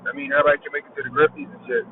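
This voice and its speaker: Casting: man in his forties, talk host, animated and profane, slightly high voice, thin phone-like sound. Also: racing. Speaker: podcast host. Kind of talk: casual chat. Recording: tinny phone-like audio, faint noise.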